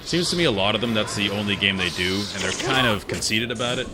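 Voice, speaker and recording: A man with a very low voice chats while he plays a game on stream. He rambles along, relaxed and opinionated. Game music plays clearly behind him. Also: quick pace. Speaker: gaming streamer. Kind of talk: casual chat while playing.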